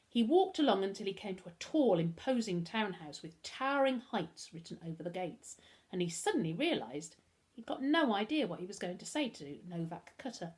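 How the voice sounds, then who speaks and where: An English woman, a primary school teacher, reads a children's novel aloud chapter by chapter. Her storytelling is expressive and animated, with wide, lively swings in pitch. Her voice sits at an ordinary middle pitch for a woman. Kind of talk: reading a children's book aloud.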